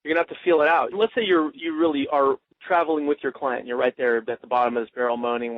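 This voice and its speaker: A man's voice: mid-range voice, steady tone, quick pace, few pauses. A man teaching a coaching class in a loose, demonstrative way, acting out what a coach might say. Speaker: coaching trainer. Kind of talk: coaching class over a phone line. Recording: tinny dry phone line.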